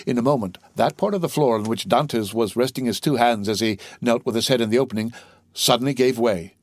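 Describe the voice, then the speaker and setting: Male audiobook narrator, mid-pitched, steady reading, dry close sound. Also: brisk, no room sound.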